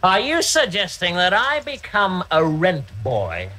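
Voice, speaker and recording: An actor with a posh English accent playing a sardonic, scheming courtier in a TV sitcom, sarcastic and cutting. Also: male voice, high-pitched, huge pitch swings, unhurried, bright, forceful tone, exaggerated voice. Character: sardonic, scheming male courtier, quick and contemptuous.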